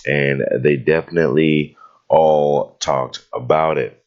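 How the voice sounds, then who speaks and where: A deep, low-voiced male host rambles through casual commentary and pokes fun at the writing he reads aloud. The audio sounds dull and lo-fi. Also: steady tone, takes it slowly. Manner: sarcastic, mocks what he reads aloud.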